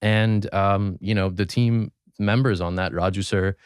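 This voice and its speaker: A young man with a lowish voice chats easily as a podcast guest, winding through his stories with plenty of ums and restarts. The recording is dry and close, with no room sound. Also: a little slow, clean tone, no room sound. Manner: relaxed, anecdotal, many fillers and self-corrections. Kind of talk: casual storytelling chat.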